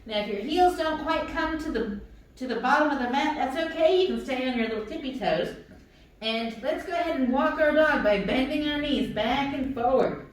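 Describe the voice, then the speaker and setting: Lady yoga teacher coaching kids, high voice, super echoey room, bit far from the mic. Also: normal speed. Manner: encouraging, playful instructions. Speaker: yoga instructor. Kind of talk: guided kids' yoga class.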